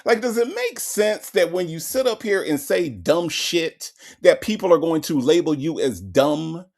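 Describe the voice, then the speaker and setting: Gravelly, animated man hosting commentary. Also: fairly high pitch, measured pace. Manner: sarcastic, animated. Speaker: host. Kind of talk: commentary on a played clip.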